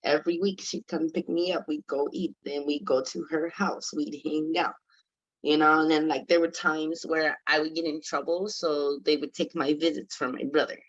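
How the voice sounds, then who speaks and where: A woman's voice: deep voice, fairly even intonation, normal speed, no echo, lo-fi sound. A young woman from Colorado, a guest telling her own story in an earnest, casual way, full of "like" and "you know". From Colorado, USA. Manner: earnest, conversational, many "like" and "you know" fillers. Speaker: guest, former foster youth.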